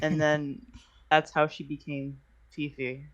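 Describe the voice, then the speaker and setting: A woman's voice: low voice, level tone, takes it slowly, dry recording, muffled recording. A young woman chatting on a video call, giggly and self-deprecating, wandering through her thoughts with lots of ums. Her voice sits in a middle range, and the recording is dry and close. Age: young adult. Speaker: animation student and director. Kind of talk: casual video-call interview.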